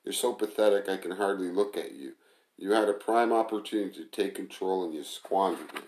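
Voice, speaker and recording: A man's voice: low voice, a little fast, a little mellow, a little hiss or hum, lightly acted. A man doing a bossy, scornful restaurant manager. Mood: disgusted. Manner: mocking, bossy, insulting. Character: blunt scornful male restaurant manager, adult. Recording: roomy echo.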